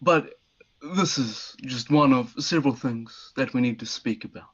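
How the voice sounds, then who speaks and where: A man's voice: mid-range voice, moderate pace, breathy edge, highs cut off. A man playing a starship captain in a tabletop game, speaking in character with a dry, wry manner. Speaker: player as ship captain.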